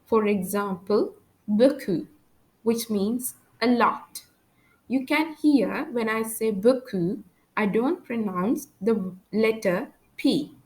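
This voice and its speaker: A woman teaching French, pronouncing letters and words slowly and carefully one at a time. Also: on the high side, darkish tone, low-quality recording. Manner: slow, careful letter-by-letter pronunciation. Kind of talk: slow spoken language lesson.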